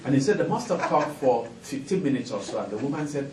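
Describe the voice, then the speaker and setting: A man's voice: medium pitch, lively intonation, fast talker, a little mellow. A middle-aged man, a festival panel author telling humorous stories to a live audience, often chuckling and self-deprecating. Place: event hall with audience. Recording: roomy hall, distant mic, ambient noise.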